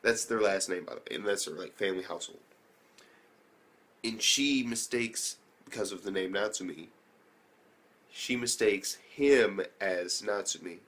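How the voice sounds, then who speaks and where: A man's voice: fairly low pitch, unhurried, fairly bright tone. A young man casually recapping an anime episode, rambling with slang, swearing and many fillers. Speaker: anime reviewer.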